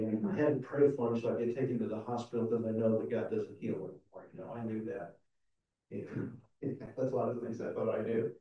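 Man preaching a sermon in a roomy church. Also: medium pitch. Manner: conversational and self-deprecating, with many restarts. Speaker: pastor. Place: church sanctuary. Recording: roomy, distant, dull sound.

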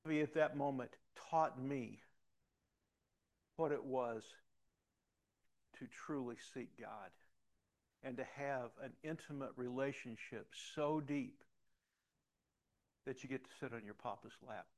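Gravelly middle-aged man preaching. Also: mid-range voice, unhurried, pauses often, darkish tone. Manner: earnest storytelling with many restarts, rising to emphatic exhortation. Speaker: pastor. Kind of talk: sermon.

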